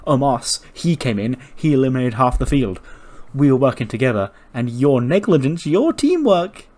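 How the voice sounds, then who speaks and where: A man voicing a proud male wrestling champion who argues loudly and defends himself. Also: mid-range voice, big pitch swings, moderate pace, close to an everyday voice. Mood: defensive. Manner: loud, defensive, argumentative.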